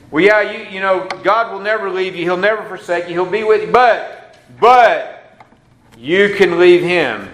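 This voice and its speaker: Male pastor, high pitch, emphatic sermon delivery that swings from hushed to loud, roomy church sound.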